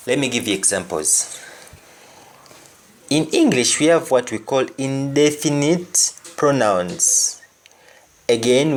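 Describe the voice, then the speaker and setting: A man with a Jamaican accent gives a language lesson. He repeats each phrase deliberately and then translates it. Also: medium pitch. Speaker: language teacher.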